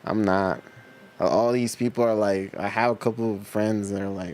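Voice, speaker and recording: A man's voice: lowish voice, fairly even intonation, normal speed, a little mellow. A middle-aged man hosting a livestream, chatting casually with viewers in a laid-back, slangy way and laughing often. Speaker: livestream host reading chat. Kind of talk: casual chat reading viewer comments.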